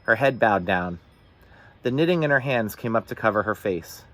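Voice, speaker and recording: A man reading a novel aloud in the first person, with steady, earnest storytelling. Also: on the low side, moderate pace. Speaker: audiobook reader.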